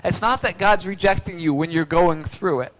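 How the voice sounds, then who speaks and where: A man preaching a sermon as pastor, swinging from loud cries to hushed near-whispers. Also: sits high, moderate pace, rough recording.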